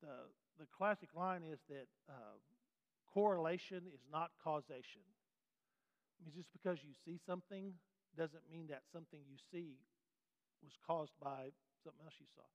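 A man teaching a Bible class in a folksy, animated way, putting questions to the class. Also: on the high side, moderate pace. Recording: dull sound with long hall reverb.

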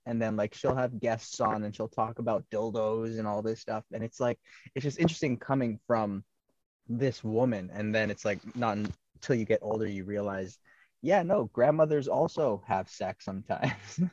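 A Canadian man hosting a podcast, asking rambling questions in a relaxed, chuckling way. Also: lowish voice, moderate pace, no echo. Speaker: podcast host. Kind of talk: casual interview chat. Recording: dull, lo-fi and dry sound.

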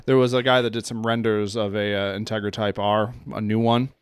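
A man's voice: fairly low pitch, little pitch movement, a little fast, clear, resonant tone, no room sound. A man co-hosting a car podcast in casual chat, joking and rambling and laughing often. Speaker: podcast co-host.

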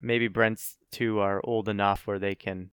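A man's voice: fairly low pitch, level tone, unhurried, a bit bright, clear, resonant tone, no room sound, studio quality. A man co-hosting a podcast, chatting casually, laid-back, laughing often and swearing freely. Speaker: podcast co-host. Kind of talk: casual chat.

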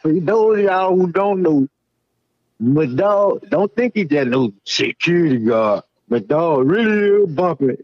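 A man's voice: sits high, dry recording. A man, a podcast co-host, backing up a story in casual chat, hyped and emphatic. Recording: dry, slightly dull sound.

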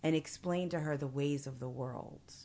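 Low-voiced woman telling a heartfelt story. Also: warm tone. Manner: earnest, measured, slows for emphasis. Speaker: guest. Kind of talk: personal storytelling in conversation.

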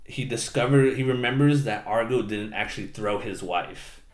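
Casual male co-host, animated storyteller who does silly voices, mid-pitched, roomy echoey recording. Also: moderate pace. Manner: animated retelling, acts out characters in silly voices, swears casually. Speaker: podcast co-host recapping an anime. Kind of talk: casual chat. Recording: roomy echo.

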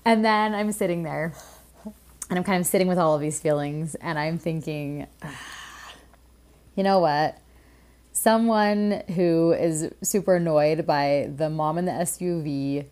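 Female podcast co-host, casual storyteller, acts out quotes, slightly low voice. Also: a little mellow. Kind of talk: casual chat.

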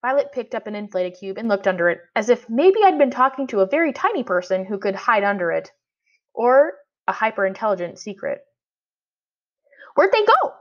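A woman reading a children's storybook aloud, narrating in first person with expressive delivery. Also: medium pitch, brisk. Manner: expressive, voicing a frustrated boy in first person. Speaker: audiobook reader. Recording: dull lo-fi audio.

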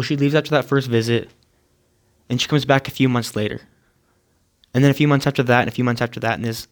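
A man telling a moving story in a sermon, measured and earnest, with dramatic pauses. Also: mid-range voice. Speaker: speaker.

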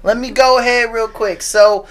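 A man's voice: very high-pitched, fairly even intonation, moderate pace, a bit bright, slight background noise. Laid-back male podcast guest. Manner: laid-back, self-mocking bragging. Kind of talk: casual podcast chat.

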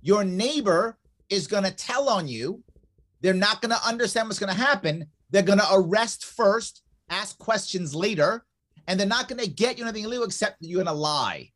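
A man's voice: sits high, lively intonation, moderate pace, fairly bright tone. A man talking as a guest in a casual conversation, emphatic and insistent, hammering his points home through repetition.

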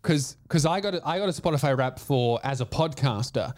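A man's voice: mid-range voice, expressive, fairly quick, a little mellow. A man in his late twenties hosting a podcast, chatting casually and telling rambling jokey stories. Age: late 20s. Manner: joking, rambling storyteller. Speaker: podcast host. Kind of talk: casual chat.

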